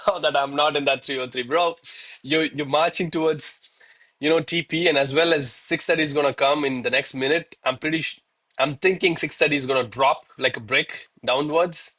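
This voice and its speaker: Commenting live on his gold trades, this South Indian man is self-critical and exasperated, saying "bro" and "man" constantly. His voice is a little high and fairly bright.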